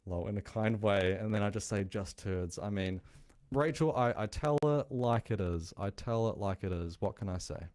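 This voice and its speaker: A man's voice: fairly low pitch, normal speed, a little mellow. A man hosting a crypto show, explaining in a blunt, chatty way with a noticeable non-American accent. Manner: blunt, chatty, thinking aloud. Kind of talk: casual explainer talk.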